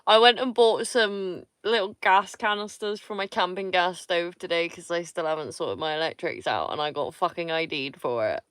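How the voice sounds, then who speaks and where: A woman's voice: fairly low pitch, normal speed, few pauses, fairly bright tone, smooth, no room sound, clean studio sound. A woman from Somerset, chatting casually with viewers on a livestream, blunt and teasing and swearing freely. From Somerset, England. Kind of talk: casual live-stream chat with viewers.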